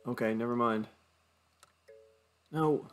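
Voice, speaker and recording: A man's voice: medium pitch, slow pace, faint music behind. A young man commentating his own gameplay, exasperated, swearing and groaning at his bad luck. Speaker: gaming YouTuber.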